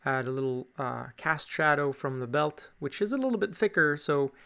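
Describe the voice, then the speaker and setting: A man's voice: fairly high pitch, lively intonation, normal speed, vocal fry, a bit bright, clean tone. A man with a Canadian accent, chatting casually through a drawing tutorial with jokey asides. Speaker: drawing teacher.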